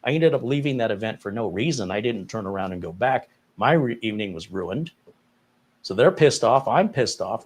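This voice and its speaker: A man, co-host of a live tech stream, telling a client story in a casual, animated and incredulous way. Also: lowish voice, normal speed, slightly rough. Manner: animated, incredulous retelling with laughs.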